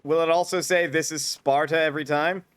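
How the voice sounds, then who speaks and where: A man's voice: a little high, fairly even intonation, a little fast, no room sound. A man streaming a hard game, chatting casually, swearing often and breaking into mock-grand speeches. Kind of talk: casual gameplay commentary.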